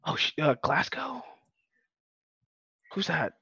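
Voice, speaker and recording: A man's voice: on the high side, very animated, takes it slowly, bright, forceful tone, breathy edge, no room sound. A laid-back man chatting casually about playing tabletop games, often dropping "man" and "you know". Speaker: tabletop roleplaying player. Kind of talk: casual podcast chat. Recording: dull, dry lo-fi recording.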